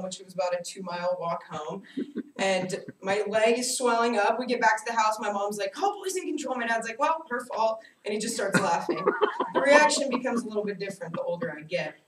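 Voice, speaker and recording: A young adult woman giving a personal storytelling speech to a class, animated and self-mocking as she tells her stories. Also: medium pitch, a little fast. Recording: echoey room, distant mic, faint hiss.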